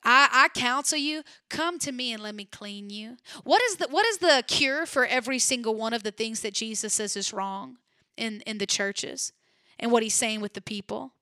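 Woman preaching a sermon, kinda high bright voice, earnest and emphatic. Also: normal speed, no echo, studio quality. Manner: earnest, emphatic, alternating soft and urgent. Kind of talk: sermon, Bible exposition.

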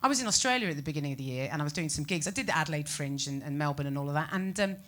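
A British woman performing a stand-up comedy set, ranting with incredulous, animated exclamations. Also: sits low, racing. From Britain.

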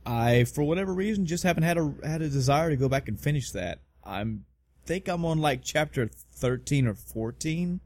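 A man's voice: a little high, expressive, moderate pace, darkish tone, no echo. Rambling, swearing male podcast host. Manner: rambling, profane, self-mocking. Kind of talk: casual chat.

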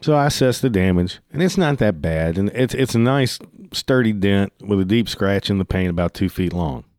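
Low-voiced man telling a heated profane story. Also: lively intonation, moderate pace, darkish tone, no echo, studio quality. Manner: profane, heated, swears freely. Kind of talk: casual storytelling.

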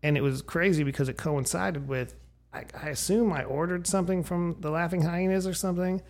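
A man hosting a podcast, chatting casually and telling animated stories from his past. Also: fairly high pitch, brisk. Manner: storytelling, animated retellings. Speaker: podcast host. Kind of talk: casual conversation. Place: his mother's house.

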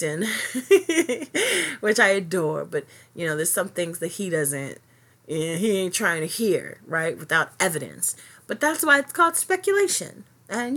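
A woman in the middle of a podcast monologue, heated and outspoken, swearing freely as she goes. Her delivery rambles and restarts often, surging ahead and then reining herself back in. Her voice sits at an ordinary mid pitch for a woman. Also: a bit bright. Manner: passionate, profane rant that speeds up and slows down; rambling with many fillers and self-restarts. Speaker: podcast host.

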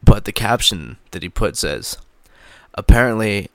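A man with a very low, creaky voice talks straight into a close microphone. His commentary is casual and loose, packed with filler words and swearing. The sound is dry and close, with no room around it. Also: animated, a little slow, no room sound. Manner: profane, filler-heavy, laughs at own jokes. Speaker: vlogger.

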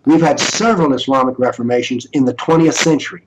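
A man's voice: medium pitch, quick pace, dull audio. An older man speaking as an interview guest, lecturing emphatically and asking rhetorical questions. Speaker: interview guest, author on political Islam.

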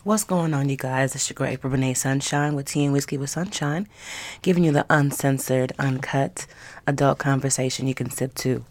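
A woman hosting her own podcast, talking casually and earnestly to encourage her listeners, with drawn-out emphasis. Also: a bass voice, darkish tone, no echo. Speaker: podcast host. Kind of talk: casual motivational talk.

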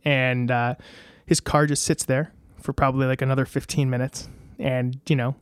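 A man telling wrestling stories as a podcast guest, animated and acting out the voices of the people in his stories. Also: medium pitch, moderate pace, clear, resonant tone, no echo. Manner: animated, acts out quoted voices. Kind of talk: casual podcast storytelling.

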